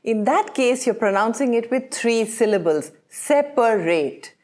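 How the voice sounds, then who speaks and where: A young woman, teaching pronunciation to camera and saying each word slowly and clearly, over and over. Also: a little high, a little mellow. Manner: clear, deliberate modelling of words, repeating each one slowly. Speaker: English teacher.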